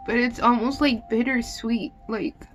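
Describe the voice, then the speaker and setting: A woman's voice: on the high side, steady tone, measured pace, a bit bright, a little hiss or hum. A woman giving a casual tarot reading in a loose, emotional way, swearing often and saying "like" a lot. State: teary at times. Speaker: tarot reader.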